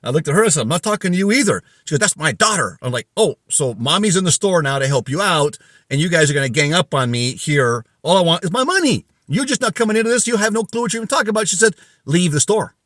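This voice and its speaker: A man's voice: high-pitched, expressive, fast, a bit bright, no echo. A man hosting a podcast, telling a story in an agitated, casual monologue and acting out the dialogue. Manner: agitated storytelling, reenacts dialogue, voice rising and falling sharply. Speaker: podcast host.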